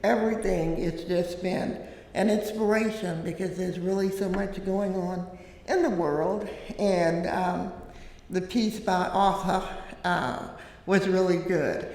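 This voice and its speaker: A woman's voice: fairly low pitch, fairly even intonation, slow pace, darkish tone. A woman from South Georgia with a Southern accent, speaking through a face mask as a guest speaker, chatty and informal with a congregation. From South Georgia, USA. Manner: chatty and informal, joking with the audience. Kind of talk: casual talk to a congregation. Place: church sanctuary. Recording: echoey church hall with long reverb.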